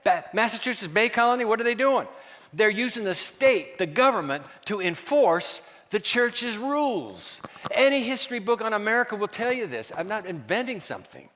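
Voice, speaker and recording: A man preaching a sermon as pastor, quizzing his congregation and dropping to hushed asides. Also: high-pitched, sing-song, normal speed, big-room sound.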